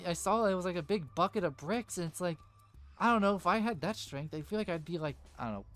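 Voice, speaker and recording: A man's voice: sits high, expressive, fast talker, fairly bright tone, faint music behind. A man narrating as game master of a tabletop game, rambling with many fillers.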